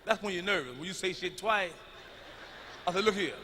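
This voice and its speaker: Man doing stand-up, high voice, very bright and forceful, loud and profane, reverberant hall. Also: normal speed, a little hiss or hum. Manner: loud, animated, swearing freely. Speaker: stand-up comedian. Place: comedy stage before an audience. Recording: reverberant live hall recording.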